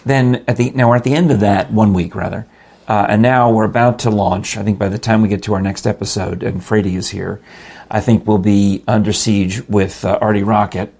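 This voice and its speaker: A man's voice: on the low side, steady tone, fairly quick, gravelly, darkish tone. An older man co-hosting a show with his wife, chatting casually and rambling with chuckles and restarts. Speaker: podcast co-host. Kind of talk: casual chat.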